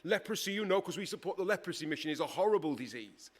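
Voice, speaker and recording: A man preaching a sermon in a conversational, emphatic way, with dramatic pauses. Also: sits high, animated, breathy edge.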